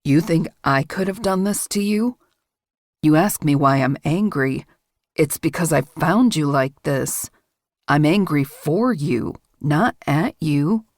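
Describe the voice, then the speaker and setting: A woman voicing a stern male crime boss in an audiobook, speaking low, clipped and controlled. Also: lively intonation, takes it slowly, no echo, studio quality, heavily acted. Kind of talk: audiobook character voice.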